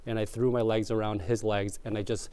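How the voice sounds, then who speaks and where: A man's voice: on the low side, level tone, a little fast, dark tone, smooth. A young adult man from Vietnam, earnest and reflective, recounting what happened to him in an interview. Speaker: interviewee, local prosecutor. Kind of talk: emotional first-person recounting.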